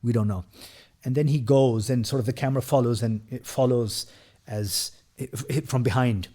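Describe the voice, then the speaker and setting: A man's voice: medium pitch, steady tone, normal speed, warm tone. A man hosting a casual film review who retells scenes at length, with frequent fillers, restarts and quoted lines from the characters.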